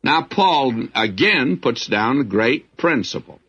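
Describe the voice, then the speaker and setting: Man, preacher, verse-by-verse sermon, folksy asides, unhurried delivery, muffled lo-fi recording. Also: mid-range voice, animated, pushed and bright, breathy edge. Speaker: Bible teacher.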